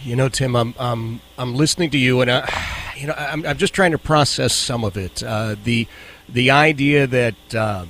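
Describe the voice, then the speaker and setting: A man from Philadelphia hosting a talk radio show, speaking reflectively and pausing to find his words as he responds to a caller. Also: mid-range voice, fairly bright tone, slight background noise. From Philadelphia, USA.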